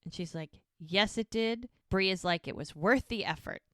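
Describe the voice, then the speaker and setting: A woman co-hosting a podcast, retelling a TV episode in an animated, chatty way and quoting the characters. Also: mid-range voice, moderate pace, no room sound, clean studio sound. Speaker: podcast co-host. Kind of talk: casual recap of a TV episode.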